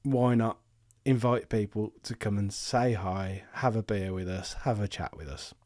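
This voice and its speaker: A man's voice: lowish voice, a little slow, a little mellow, no echo, studio quality. Laughing man chatting on a podcast. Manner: laughs often, jokey banter. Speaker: podcast co-host. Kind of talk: casual chat.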